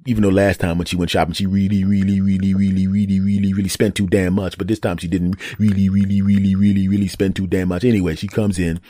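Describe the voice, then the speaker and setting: Fast-talking man telling a comic story. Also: low-pitched, level tone, warm tone, no echo, studio quality. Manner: repetitive, rambling, builds jokes by repeating words. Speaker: podcast host.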